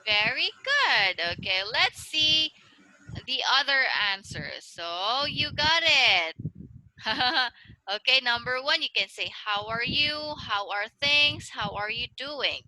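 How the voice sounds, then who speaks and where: A woman tutoring English one-on-one over a video call, speaking slowly and encouragingly and modeling intonation for her student. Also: sits high, expressive, bright, forceful tone, dry recording, rough recording.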